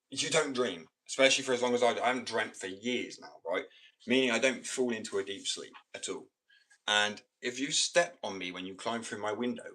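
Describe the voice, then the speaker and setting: A man's voice: medium pitch, fairly bright tone. A man with a slight Australian twang, ranting to camera in a profane, combative, rambling monologue. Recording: roomy sound from a distant mic.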